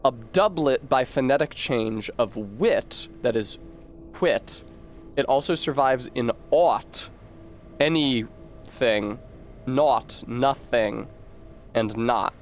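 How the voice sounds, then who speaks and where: A man's voice: mid-range voice, takes it slowly, soft background music. A man streaming a game, rambling to chat and reading word origins aloud with casual swearing.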